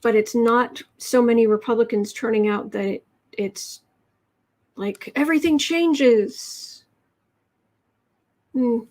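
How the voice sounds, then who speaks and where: A woman hosting a live tarot reading, musing aloud over the cards and answering chat in halting, drawn-out phrases. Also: a little high, a little mellow. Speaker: tarot reader and channel host.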